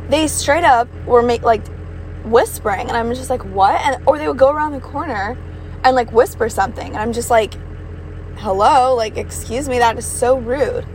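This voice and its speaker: A young woman with a slightly high voice rambles through a frank, profane story, packing her talk with fillers. She is riding in a moving car, and a loud engine drone sits under her voice the whole time. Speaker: vlogger. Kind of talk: casual storytelling rant. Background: car engine hum.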